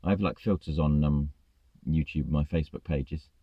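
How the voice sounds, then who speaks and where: A man's voice: a bass voice, steady tone, moderate pace, no echo, dull audio. A man, a truck driver, ranting in a vlog, exasperated and swearing freely.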